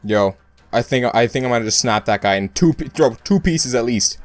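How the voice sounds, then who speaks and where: A young man giving live gameplay commentary, excitable and full of loud outbursts and swearing. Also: mid-range voice, brisk, faint music behind. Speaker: gaming YouTuber.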